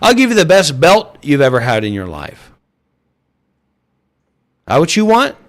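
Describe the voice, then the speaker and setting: A man's voice: fairly high pitch, huge pitch swings, measured pace. A man hosting an online voice chat and livestream, scolding listeners with profanity and repetition. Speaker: voice chat host and streamer. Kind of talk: livestream rant.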